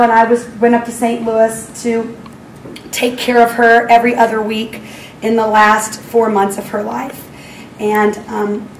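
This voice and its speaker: Speaking to parents in a school hall, a woman in her forties with a slightly high voice earnestly shares a personal faith story at a parenting talk. She acts out her own prayers as her emotion rises, captured from a distance in an echoey hall with faint ambient noise.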